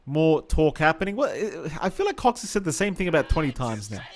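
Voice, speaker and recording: A man's voice: on the high side, very animated, fairly quick. A man commentating a live esports match in a laid-back, teasing way, joking around with his co-caster.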